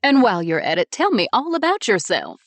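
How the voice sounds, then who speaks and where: A woman voicing a cheerful, bossy middle-aged mother who gives orders in a lively way. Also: medium pitch, fairly quick, no room sound. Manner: bustling, commanding, lively.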